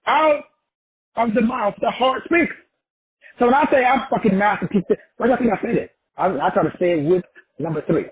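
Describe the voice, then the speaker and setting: Raspy high-voiced man lecturing over a phone-like call. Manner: emphatic and repetitive, stretching key words out slowly. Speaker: motivational teacher. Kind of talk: profane motivational lecture on a group call. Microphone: call audio.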